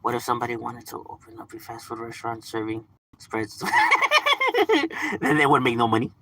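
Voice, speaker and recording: A man's voice: mid-range voice, flat delivery, a little fast, fairly bright tone. A man streaming a game, ranting casually in profane street slang with mock exasperation and frequent laughter. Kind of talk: casual live-stream rant.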